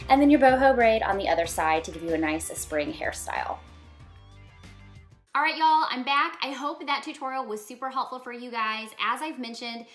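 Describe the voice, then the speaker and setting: A woman's voice: mid-range voice, echoey room. A woman, giving a chatty, upbeat hair tutorial and sign-off as a vlogger. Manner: upbeat, chatty, says "y'all".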